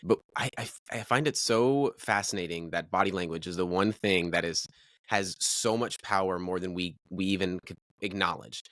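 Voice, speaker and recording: A man's voice: low-pitched, moderate pace, a bit bright, no room sound, studio quality. A young man hosting a podcast, asking eager questions with lots of filler words. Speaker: podcast host. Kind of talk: interview questions.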